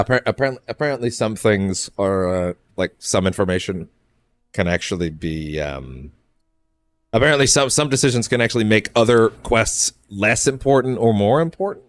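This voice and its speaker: A man streaming a game, rambling casually, swearing and laughing often as he plays. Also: lowish voice. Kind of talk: casual let's-play commentary.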